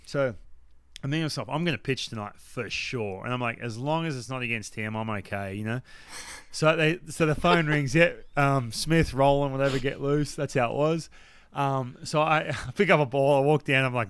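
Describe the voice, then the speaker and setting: Ex-pitcher from Australia, a man in his thirties, animated storyteller who keeps quoting himself, middle-pitched voice recorded dry and close. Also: brisk, clear, resonant tone, no room sound. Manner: animated, acts out his past thoughts in quotes, laughs often. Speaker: former baseball pitcher, guest. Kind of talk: animated storytelling in a podcast interview.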